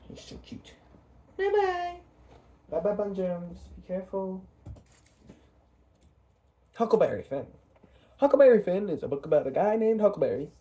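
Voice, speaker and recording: A man's voice: mid-range voice, dark tone. Rambling, hesitant young man. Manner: rambling and hesitant, with many fillers and restarts. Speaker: channel host. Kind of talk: casual vlog commentary.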